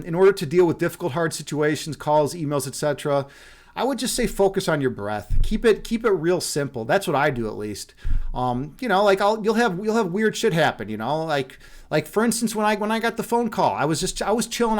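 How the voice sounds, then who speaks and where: A young man from Chicago talks loosely to his live-stream viewers, his voice sitting a little higher than most men's. He rambles, restarts his sentences and swears now and then, in easy casual chat. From Chicago, USA. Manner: rambling, many restarts and fillers, frequent swearing. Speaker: streamer, meditation host.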